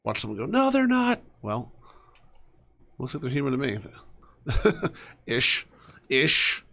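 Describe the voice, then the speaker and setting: Gravelly-voiced man chatting over gameplay. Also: medium pitch. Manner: chatty, talks to his game characters, drops to mutters. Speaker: gaming streamer. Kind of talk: casual gameplay commentary.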